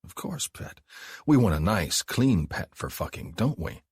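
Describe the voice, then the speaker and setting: A man voicing a controlling former soldier in an audiobook, speaking low and slow, often dropping to a hush. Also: sing-song, husky, no room sound, studio quality, full character voice. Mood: commanding.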